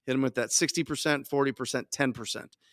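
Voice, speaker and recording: A man hosting a live Q&A, coaching his listeners in an energetic, emphatic way and repeating his key points. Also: mid-range voice, quick pace, no room sound, studio quality. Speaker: podcast host and wholesaling coach.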